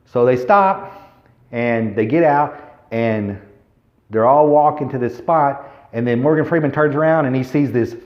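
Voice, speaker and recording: A man's voice: medium pitch, unhurried. A man casually recapping a movie in a rambling, chatty way. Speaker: vlogger. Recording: roomy, dull lo-fi recording.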